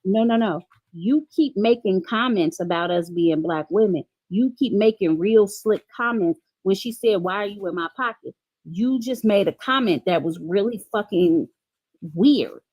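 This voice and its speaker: A woman on a debate panel who speaks in a cutting, confrontational way. Her voice is mid-pitched and recorded dry and close. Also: measured pace, darkish tone, husky, no echo. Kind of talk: debate chat.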